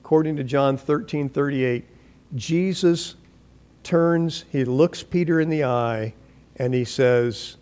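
A male pastor delivers a sermon with a slightly high-pitched voice. He reads scripture aloud and slips into acted voices for its figures, often restarting his words as he preaches. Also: normal speed, smooth. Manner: animated preaching, acting out voices, frequent restarts.

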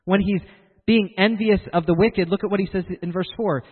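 A man preaching a sermon in an animated way, acting out the voices of the people he quotes. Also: high voice, moderate pace, husky, long reverb tail, phone-quality sound.

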